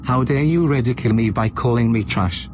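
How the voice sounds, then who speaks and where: A man voicing a proud male commander in a fan dub, with a Welsh accent and a calm, resolute delivery. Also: medium pitch, brisk, music in the background, close to an everyday voice. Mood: indignant. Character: arrogant male commander, calm, stubborn, brushing off insults.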